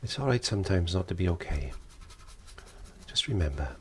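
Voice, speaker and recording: A man leads a painting tutorial in a deep, husky voice. He is gentle and encouraging, and now and then slips into soft whispered asides, speaking from an indoor studio. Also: animated, moderate pace. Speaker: art teacher.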